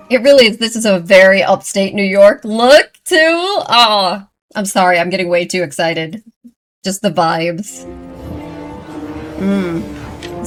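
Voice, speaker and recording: A woman hosting a first-time movie reaction, talking casually, gushing and getting worked up, then apologizing for it. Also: medium pitch. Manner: excitable, gushing, quick to apologize. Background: movie audio playing.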